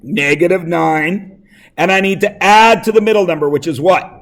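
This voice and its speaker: A man teaching a classroom math lesson, quizzing students with quick questions and joking asides. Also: sits high, fairly bright tone.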